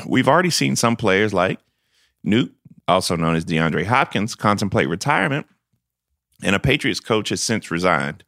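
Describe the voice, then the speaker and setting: A man's voice: low-pitched, fairly bright tone, no echo, studio quality. A man from South Carolina, hosting a podcast and giving emphatic, folksy opinions before interviewing a guest. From South Carolina, USA. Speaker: podcast host.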